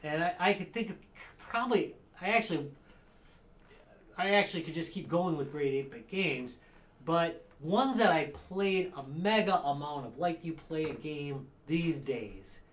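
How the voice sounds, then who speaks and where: A man's voice: fairly high pitch, lively intonation, measured pace. A man co-hosting a casual podcast chat, jokey and rambling, often laughing. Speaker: podcast co-host.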